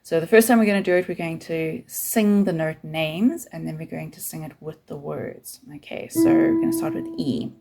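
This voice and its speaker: A woman with a South African accent teaching a keyboard lesson, explaining calmly and patiently, step by step, with faint keyboard notes behind her. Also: low-pitched, normal speed, gravelly, hardly any pauses, music in the background. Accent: South African English. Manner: calm, patient, counts beats aloud.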